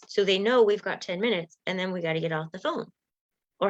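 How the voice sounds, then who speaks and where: A woman's voice: medium pitch, brisk, dry recording. A woman life coach teaching a self-help workshop in an earnest, conversational, encouraging way. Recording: slightly muffled, dull sound.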